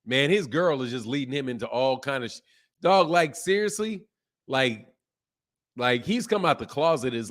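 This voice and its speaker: This man hosts an easygoing boxing livestream, speaking at a moderate pace in a medium-pitched voice. He's lively and slangy, reading comments from chat aloud and reacting.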